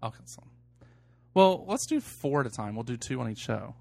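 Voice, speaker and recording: A man's voice: mid-range voice, very animated, moderate pace, creaky, a little mellow. A man co-hosting a casual podcast, joking around, reading listener emails and running through the show order. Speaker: podcast co-host.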